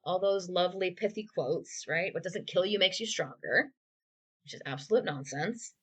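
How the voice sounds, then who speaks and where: A woman's voice: on the low side, animated, normal speed, breathy edge. Earnest, wry woman podcaster. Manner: earnest, reflective, wry sarcasm. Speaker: podcast co-host. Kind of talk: candid conversational podcast talk. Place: home, video call.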